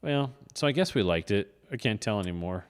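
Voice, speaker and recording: A man co-hosting a casual movie-review podcast, laid-back and quick to laugh. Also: lowish voice, animated, clear, resonant tone, in a large hall. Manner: laid-back, laughs often, trailing asides. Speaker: podcast co-host.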